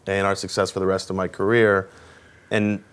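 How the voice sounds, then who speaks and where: A man's voice: low-pitched, little pitch movement, fairly quick, clean tone. A man answering interview questions, earnest and reflective, often restarting his sentences. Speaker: guest record executive.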